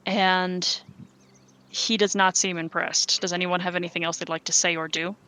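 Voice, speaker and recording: A woman runs a tabletop game, her voice bright and clear. She chats along loosely, laughs often and counts up dice totals aloud. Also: on the low side, little pitch movement, moderate pace. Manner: chatty, adds sums aloud, laughs often. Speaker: game master. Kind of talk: running a tabletop game over voice chat.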